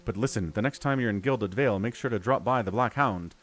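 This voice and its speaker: A man's voice: on the low side, a little fast, lightly acted. A man voicing an eager, grateful young male dwarf cook in a fantasy game, in a raised voice.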